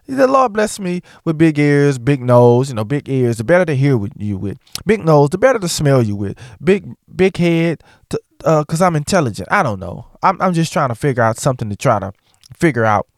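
A vlogger speaks casually and outspokenly to the camera, blending jokes with blunt opinions in an animated way. His medium-pitched voice comes through a dry, clean studio recording.

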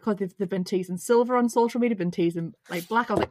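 A woman's voice: mid-range voice, a little fast, a little mellow, dry recording. A woman co-hosting a podcast, chatty and agreeable, often giggling along. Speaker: podcast co-host. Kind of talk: casual chat.

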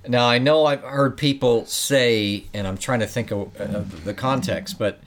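A man's voice: mid-range voice, fairly even intonation, unhurried, slight background noise. A man co-hosting a casual talk, searching for words with many fillers and restarts. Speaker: podcast co-host. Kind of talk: casual conversation.

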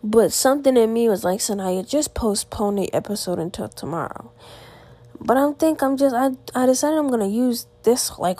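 Teen girl, tired podcast host, rambling with "like" fillers, slightly high voice, mellow tone, dry close sound. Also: no echo. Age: teens. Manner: rambling, many "like" fillers and restarts. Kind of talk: casual solo podcast chat. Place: at home.

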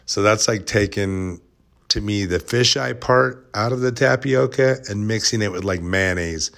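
A man's voice: fairly low pitch, unhurried, creaky, fairly bright tone. A man hosting a podcast, telling stories in a rambling, jokey, self-deprecating way. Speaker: podcast host. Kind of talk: casual storytelling monologue.

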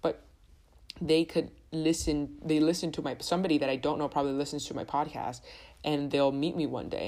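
Low-voiced young woman rambling on a podcast. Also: steady tone, fairly quick, warm tone. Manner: rambling, chatty, self-correcting. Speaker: podcast host. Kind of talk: casual solo podcast chat.

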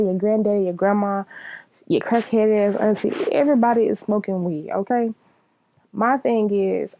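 A woman's voice: mid-range voice, gravelly, no room sound, lo-fi sound. A young woman giving a blunt, profane, casual monologue, laughing often.

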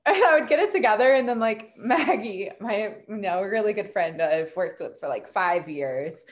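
A woman's voice: medium pitch, animated, normal speed, a little hiss or hum. A young woman hosting a podcast, a bartender telling a story in casual chat, laughing often and filling her talk with "like". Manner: laughs often, many "like" fillers.

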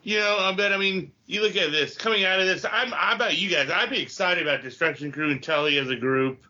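Very bright-voiced podcast man. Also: high-pitched, brisk. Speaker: podcast co-host. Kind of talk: casual chat. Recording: dull lo-fi audio.

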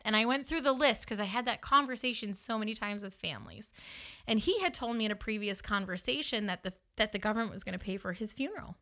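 A woman hosting a podcast, telling a personal story in an animated, self-mocking way and acting out the dialogue. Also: fairly high pitch, fast. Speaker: podcast host.

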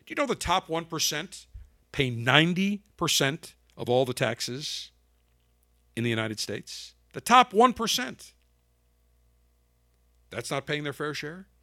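Male talk host, slightly higher voice, punchy and sarcastic, dry booth sound. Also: big pitch swings, measured pace, long pauses, sharp tone, no echo. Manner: emphatic, sarcastic, fires off rhetorical questions. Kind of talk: political commentary monologue.

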